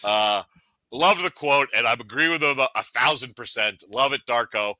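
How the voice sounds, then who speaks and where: A man co-hosting a sports podcast, chatting casually with animated, jokey ranting. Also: medium pitch, moderate pace, dry recording, rough recording. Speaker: podcast co-host.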